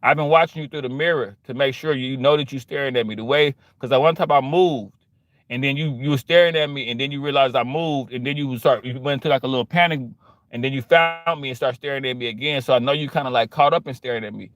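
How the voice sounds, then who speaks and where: A young man from Louisiana with a Southern accent, telling a slangy, animated story and acting out the scenes. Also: medium pitch, fast. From Baton Rouge, Louisiana. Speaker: vlogger. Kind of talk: casual storytelling rant.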